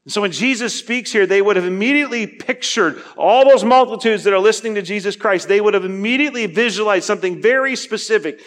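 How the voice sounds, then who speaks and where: A man preaching a sermon, earnest, asking his listeners questions and building to emphatic peaks before dropping quiet. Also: high voice. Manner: asks the listeners direct questions. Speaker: pastor.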